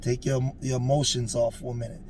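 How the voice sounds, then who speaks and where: A man's voice: medium pitch, flat delivery, fairly quick, background noise. A man in his forties telling a personal story in a casual, earnest way, with emphatic, preachy asides. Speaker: storyteller on a street interview show.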